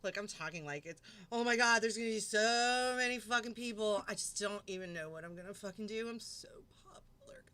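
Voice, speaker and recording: Reading out the chat on her live stream, this host rambles, curses frequently, and laughs between thoughts in a casual style. Her mid-range voice is sharp in tone, and she talks a little fast with few pauses.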